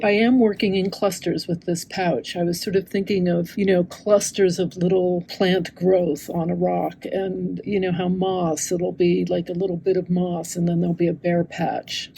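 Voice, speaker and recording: Lady chatting through a stitching tutorial, low-ish gravelly voice, faint room hum behind. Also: mellow, low-quality recording. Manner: chatty, rambling asides while demonstrating. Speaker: embroidery teacher.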